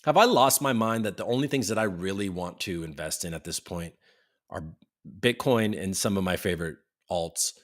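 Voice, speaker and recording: A man's voice: low voice, normal speed. A man hosting a casual livestream, chatting loosely and reading viewer comments aloud as they come in, with the odd swear. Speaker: livestream host.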